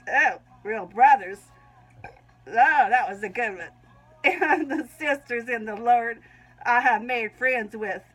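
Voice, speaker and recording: On a rough recording, a woman with a Southern US accent and a slightly high, somewhat bright voice reads her own Christian writing. She's a Christian vlogger who keeps stopping to sneeze and giggle.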